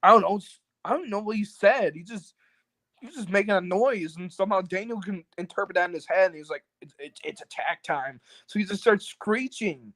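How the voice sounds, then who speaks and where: A man's voice: high-pitched, a little fast, fairly bright tone, dry recording, low-quality recording. Man, podcast guest, rambling anecdote, heavy cursing, lots of "like", dry sound. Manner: rambling, profane, many fillers; acts out quoted people. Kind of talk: casual storytelling.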